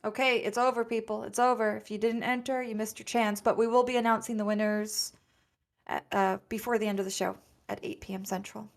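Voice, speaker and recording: A woman's voice: mid-range voice, fairly even intonation, brisk, creaky. A young woman co-hosting a live game stream, chatty and playful, passing along viewer messages. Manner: chatty and playful, reads chat aloud. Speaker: stream co-host.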